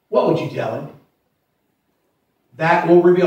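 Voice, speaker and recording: A man in his forties preaching a sermon as pastor, plain-spoken, repeating himself and slowing down to stress verses. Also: a little high, lively intonation, a little mellow. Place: church sanctuary. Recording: echoey church from far off.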